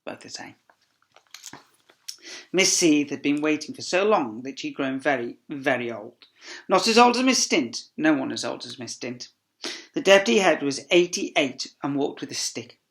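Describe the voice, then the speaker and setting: A man's voice: on the high side, lively intonation, moderate pace, fairly bright tone. A man, a teacher reading a children's story aloud, with playful asides to young listeners. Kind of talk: expressive storybook read-aloud.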